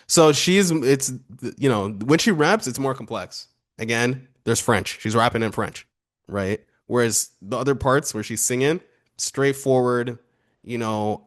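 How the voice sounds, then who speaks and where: A man's voice: medium pitch, unhurried. Guy cohosting a music review, laid back and chatty, laughs a lot. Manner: relaxed, chatty, laughs often, reads lyrics aloud. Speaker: album review co-host. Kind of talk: casual music review chat.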